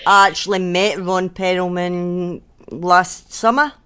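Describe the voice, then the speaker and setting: Relaxed woman co-host chatting on a headset. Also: lowish voice, slow pace. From Northern England. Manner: relaxed, joking, says "aye". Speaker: podcast co-host. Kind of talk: casual chat.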